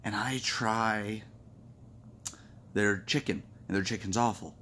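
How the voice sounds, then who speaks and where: A man casually telling jokes to the camera, chatty and rambling, acting out his friends' lines in high voices. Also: steady tone, takes it slowly, pushed and bright, a little hiss or hum. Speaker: comedy vlogger. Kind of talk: casual stand-up joke telling.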